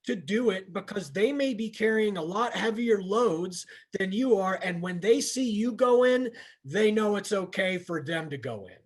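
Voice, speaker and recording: A man's voice: high-pitched, lively intonation, a little slow. A middle-aged man, an instructor, giving a candid, plainspoken training talk and retelling conversations, often restarting his sentences. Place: training session room.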